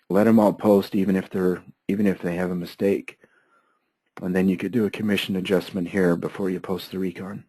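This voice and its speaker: Man, hoarse, throat-clearing, lowish voice, dry close sound, methodical software trainer. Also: no room sound, rough recording. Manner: steady, methodical step-by-step explaining. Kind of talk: screen-share software tutorial.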